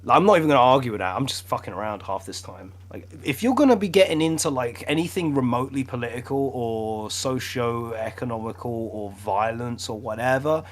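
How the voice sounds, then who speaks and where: A man's voice: mid-range voice, expressive, a little fast, few pauses. A young man with a British accent, co-hosting a podcast in casual, laughing banter with mock outrage. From Britain. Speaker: podcast co-host.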